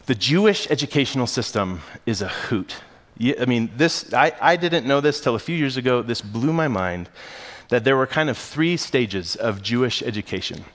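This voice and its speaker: Animated storytelling pastor, a man. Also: mid-range voice. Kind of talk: storytelling sermon.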